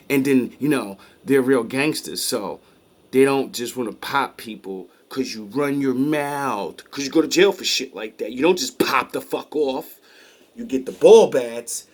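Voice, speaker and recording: Male streamer, mid-pitched, swears freely, tells stories bluntly and with emphasis. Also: darkish tone. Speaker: streamer reacting to clips. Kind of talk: casual profane commentary.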